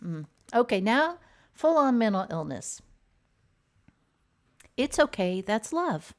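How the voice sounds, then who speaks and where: Slow, rambling woman chatting casually. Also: medium pitch, big pitch swings. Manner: rambling, chatty, with frequent laughs and sighs. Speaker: host. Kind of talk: casual chat about TV dramas.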